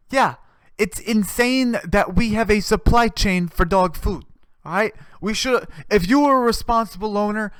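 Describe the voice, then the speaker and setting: A man's voice: high voice, fairly bright tone, clean tone, no echo, clean studio sound. A man hosting a comedy podcast, delivering a profane, rambling and sarcastic rant. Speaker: podcast host.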